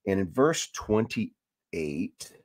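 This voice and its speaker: Animated, rambling low-voiced man. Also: extremely slow, dry recording, clean studio sound. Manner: animated and rambling, with many restarts and emphatic bursts. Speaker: podcast host. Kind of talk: casual Bible teaching podcast.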